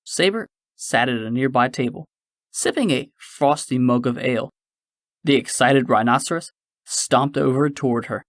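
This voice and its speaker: A man narrating a science-fiction audiobook in a measured storytelling manner. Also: medium pitch, no echo, studio quality. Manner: measured storytelling, shifting into character voices.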